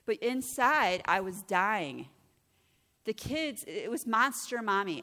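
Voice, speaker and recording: A middle-aged woman giving a personal testimony as a ministry director, telling her story with animated, acted-out dialogue. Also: medium pitch. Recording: long reverb of a large hall.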